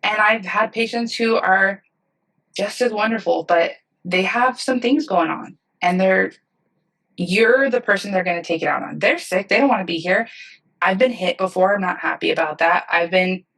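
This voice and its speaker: A woman's voice: medium pitch, moderate pace, a bit bright, recorded from a distance, low-quality recording. A woman in her thirties, a nursing director, talking candidly in a podcast interview and acting out the people she quotes. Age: 30s. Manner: earnest, candid storytelling that acts out voices.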